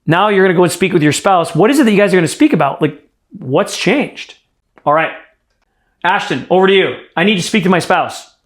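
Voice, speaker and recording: A man's voice: sits high, expressive, fairly quick, reverberant. A man coaching a sales team in a direct, emphatic way, acting out sample lines. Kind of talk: coaching workshop.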